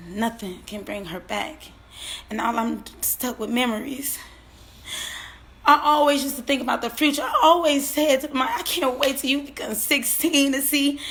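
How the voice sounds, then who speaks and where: A woman's voice: high voice, fairly bright tone, a little hiss or hum. A grieving mother crying as she tells her story at home, her voice breaking as she repeats herself. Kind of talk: emotional personal testimony.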